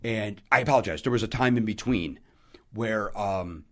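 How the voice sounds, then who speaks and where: A man, a comedian guest on a podcast, telling a story in casual chat with frequent restarts and loud bursts when he quotes people. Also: lowish voice, normal speed. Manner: animated, bursts loud when quoting others; restarts and trails off often.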